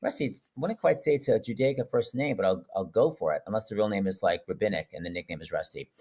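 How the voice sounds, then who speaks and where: A man hosting a casual live stream, joking and bantering excitedly with his guests. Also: lowish voice, quick pace. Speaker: host. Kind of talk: casual livestream chat.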